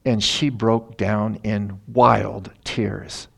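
A middle-aged man, a pastor, telling a story in a sermon in an earnest, animated way. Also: fairly low pitch, extremely slow, vocal fry. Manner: earnest, animated retelling with emphatic rises.

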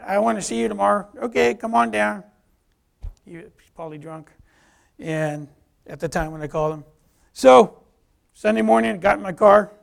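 A man giving a personal testimony as an animated story, acting out dialogue and restarting often. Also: fairly high pitch, vocal fry.

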